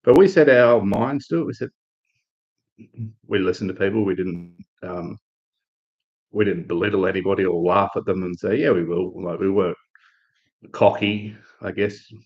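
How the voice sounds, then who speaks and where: Deep-voiced man telling a rambling story. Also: moderate pace, long pauses, highs cut off. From Australia. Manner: rambling, relaxed, many restarts and fillers. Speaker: live stream host. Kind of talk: casual storytelling chat.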